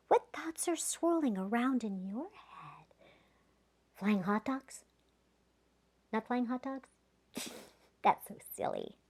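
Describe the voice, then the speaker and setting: Woman, storybook reader for kids, playful, slow unhurried pace, bright lively voice. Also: medium pitch. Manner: playful, asks the listening kids questions; drops to a whisper at quiet moments. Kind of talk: reading a rhyming picture book aloud to children.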